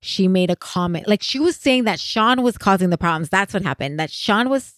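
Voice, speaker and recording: A woman co-hosting a podcast, telling a story in casual chat. She talks in an animated way, laughs often, and her voice sits at an ordinary pitch. The recording is dry and close, with no room echo. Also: fairly quick. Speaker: podcast co-host.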